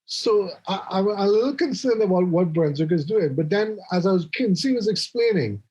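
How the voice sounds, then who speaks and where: A man's voice: sits high, lively intonation, normal speed, a little mellow, slightly rough, dull audio. A man hosting a casual podcast panel, chatty and opinionated, often restarting his sentences. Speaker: podcast host.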